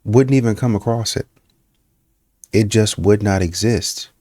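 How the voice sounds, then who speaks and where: A man's voice: on the low side, unhurried, mellow, dry recording, studio quality. A man hosting a reaction show, giving blunt, scolding commentary with repeated rhetorical questions. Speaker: reaction channel host. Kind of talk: casual commentary on clips.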